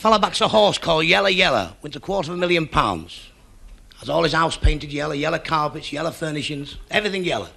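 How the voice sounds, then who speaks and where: A man telling quick stand-up gags and acting out the dialogue of his jokes. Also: fairly high pitch, lively intonation, gravelly, sharp tone, a little hiss or hum. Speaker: stand-up comedian.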